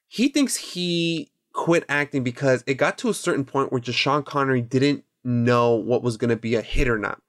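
A man hosting a podcast in casual chat, telling stories in a rambling, animated way with many restarts. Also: mid-range voice, moderate pace, hardly any pauses, no echo, studio quality. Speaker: podcast host.

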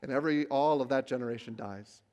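A male pastor preaching a sermon, telling the story with animation and acting out the quotes, then growing hushed when he reads scripture. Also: medium pitch, fast, highs cut off. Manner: drops to a hushed, reverent tone when reading scripture.

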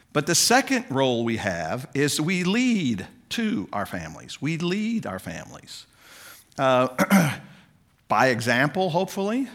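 A man's voice: medium pitch, a bit bright. A middle-aged man, a pastor, giving a church parenting talk in a conversational way, often restarting his sentences. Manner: conversational, restarts often, chuckles now and then.

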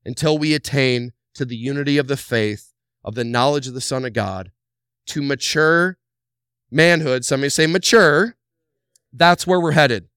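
Man, pastor, lively sermon, smooth resonant voice, dry close sound. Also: mid-range voice, a little slow, no echo. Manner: animated preaching, acting out congregants' voices.

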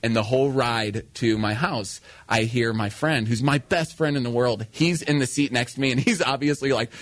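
A man's voice: medium pitch, moderate pace, no echo. A man telling a story in casual chat, acting out quoted voices and laughing as he goes.

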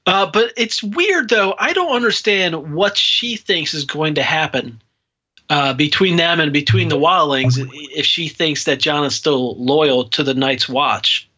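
A man co-hosts a podcast in casual chat, agreeing easily and raising questions. His voice sits a bit high, with a bright, slightly husky tone. The lo-fi mic makes it sound dull. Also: a little slow. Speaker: podcast co-host.

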